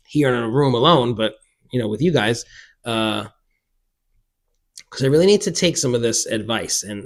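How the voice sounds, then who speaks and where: A man chatting to camera about books while alone in a room, animated and self-mocking, breaking into bursts of loud laughter. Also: on the high side. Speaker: book vlogger. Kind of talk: casual chat to camera.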